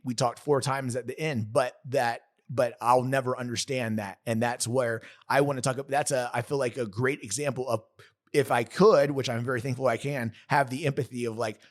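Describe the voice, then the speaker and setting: A man in his thirties, sharing a painful personal story on a podcast in an earnest, halting way, often stopping to restart or correct himself. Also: mid-range voice. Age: 30s.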